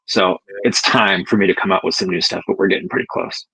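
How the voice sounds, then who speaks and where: A man's voice: sits low, steady tone, fast talker, sharp tone, breathy edge, no echo, rough recording. A man talking casually and candidly as a guest on a livestream, laid-back and swearing now and then. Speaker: cannabis breeder guest.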